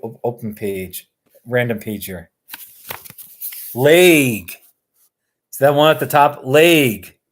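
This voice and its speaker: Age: adult. Sex: man. Style: unhurried casual live stream chat. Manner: relaxed, rambling, chuckling. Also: mid-range voice. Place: sitting on a couch at home.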